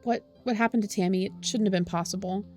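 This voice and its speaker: A woman's voice: medium pitch, fairly even intonation, darkish tone, faint music behind, natural voice. Woman doing a worried smart teen girl, keeps stopping and restarting. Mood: troubled. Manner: halting, restarts mid-sentence.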